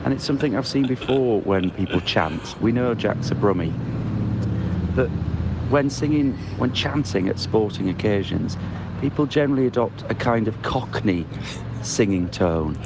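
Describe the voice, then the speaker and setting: Deep-voiced man over street noise. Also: gravelly. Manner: wry, deliberately observational. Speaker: podcast co-host. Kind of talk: casual chat. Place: outdoors in a city square. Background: street and traffic noise.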